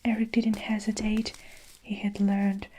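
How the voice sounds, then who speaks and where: A woman reading a children's story aloud in a soft whispered role-play for ASMR. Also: medium pitch, completely flat delivery, unhurried, slight background noise, low-quality recording. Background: faint soap crushing and crinkling.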